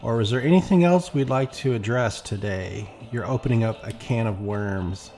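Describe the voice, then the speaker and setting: Man gamer, deeper register, rambling running commentary with quoted asides, faint music bed. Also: normal speed, darkish tone. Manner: chatty, rambling, acts out quotes. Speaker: gameplay streamer. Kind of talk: casual commentary while playing.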